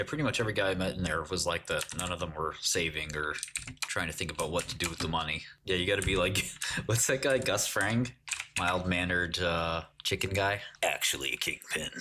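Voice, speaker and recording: A man's voice: sits low, background noise. A man in his forties hosting a casual livestream, joking with the chat and laughing often. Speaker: livestream host. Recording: keyboard typing clicks. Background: keyboard typing.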